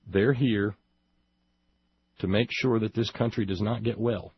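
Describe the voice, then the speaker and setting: A man hosting a political talk show, sarcastic and emphatic, slowing down to stress his points. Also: on the low side, fairly even intonation, vocal fry, slightly rough, muffled recording. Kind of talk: opinionated political commentary.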